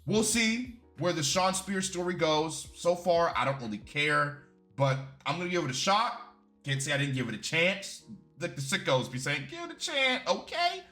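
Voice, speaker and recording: A man's voice: on the high side, expressive, moderate pace, pushed and bright, faint music behind. A man giving a casual, profane and opinionated review of a wrestling show for his channel.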